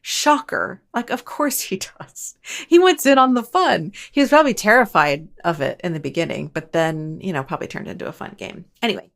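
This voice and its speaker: A woman hosting a paranormal storytelling show, narrating casually and chattily with wry asides and quick self-corrections. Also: on the low side, creaky, a bit bright. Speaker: host of a paranormal storytelling channel.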